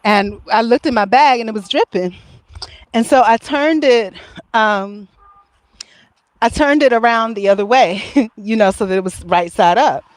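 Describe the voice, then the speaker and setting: A woman's voice: on the high side, measured pace, dry recording. A woman vlogging casually, telling a rambling story and laughing often as she talks.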